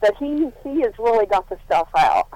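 A woman's voice: medium pitch, very animated, normal speed, dark tone, no echo, poor audio. A woman calling in to a local radio show, giving directions in a helpful, meandering way. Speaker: caller. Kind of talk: call-in chat.

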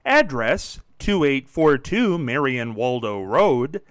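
A man's voice: mid-range voice, very animated, takes it slowly, smooth, no echo, rough recording. A man reading upbeat promotional announcements for a local radio station.

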